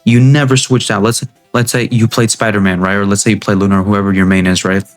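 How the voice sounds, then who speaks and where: A man's voice: on the low side, little pitch movement, fast talker, soft background music. A young man ranting casually about an online game, blunt and profane, rambling and often tacking on "right?". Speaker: gaming video creator. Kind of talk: casual gaming rant.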